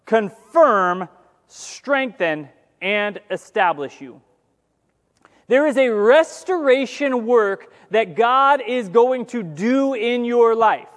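A man preaching a sermon as pastor, conversational with joking asides and animated quoting. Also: extremely high pitch, takes it slowly, in a large hall.

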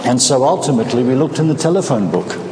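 A man's voice: medium pitch, sing-song, fast, background noise. A man with a Scottish accent, a guest preacher telling a story to a church congregation. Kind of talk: sermon. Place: church sanctuary. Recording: echoey church hall, faint ambience.

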